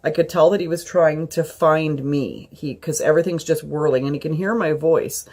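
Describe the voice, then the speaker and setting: Breathy woman in her fifties rambling. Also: low voice, fairly even intonation, a little mellow. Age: 50s. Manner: rambling, halting with many fillers. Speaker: vlogger. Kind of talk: personal storytelling.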